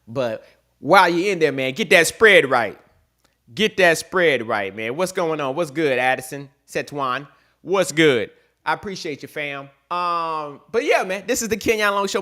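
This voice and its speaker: Slangy joking guy, pitch on the high side. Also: fairly bright tone. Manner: loose, joking, laughs at his own bits, slangy. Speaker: podcast host and comedian. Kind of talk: casual comedic monologue.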